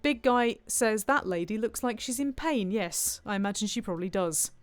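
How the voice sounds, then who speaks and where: Lively, chatty woman streamer. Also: mid-range voice, normal speed, no echo. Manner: chatty, playful, reads chat aloud. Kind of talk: casual gameplay commentary.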